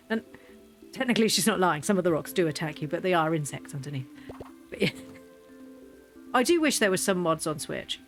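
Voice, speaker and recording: A woman's voice: lowish voice, lively intonation, fairly quick, long pauses, soft background music. A woman in her thirties, streaming a game and chatting casually, telling funny stories and laughing often. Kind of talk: casual gameplay chat.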